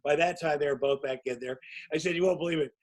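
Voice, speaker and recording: A man's voice: on the high side, quick pace, a little mellow, poor audio. A man in his sixties telling long, rambling, self-mocking anecdotes as a guest in a casual interview. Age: 60s. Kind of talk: casual storytelling.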